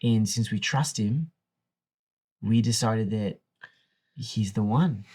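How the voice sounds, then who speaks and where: A man playing a tabletop game, excitable and rambling, often laughing. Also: fairly low pitch, takes it slowly, slightly rough.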